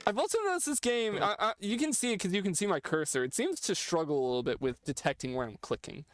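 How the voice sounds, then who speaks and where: A man's voice: high voice, expressive, quick pace, a bit bright. A man streaming a story game, commenting in an offhand, joking way and swearing casually.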